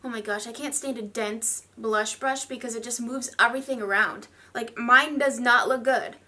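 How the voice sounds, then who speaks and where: A woman's voice: a little high, fairly even intonation, moderate pace, bright, forceful tone. A woman, chatting candidly and rambling a little while doing her makeup on camera at home. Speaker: beauty vlogger. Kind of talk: casual get-ready-with-me chat.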